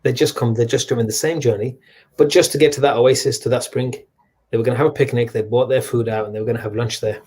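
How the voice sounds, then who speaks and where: A man telling stories as a guest in a conversation, animated and full of restarts. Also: medium pitch, fast, breathy edge. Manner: animated storyteller with frequent restarts. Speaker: guest, humanitarian charity leader. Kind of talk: storytelling in a conversation.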